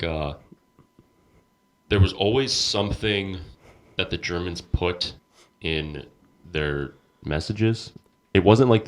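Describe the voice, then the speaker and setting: Low-voiced young man, rambling. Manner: rambling, lots of "like", mimics sounds. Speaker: podcast co-host. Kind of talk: casual chat.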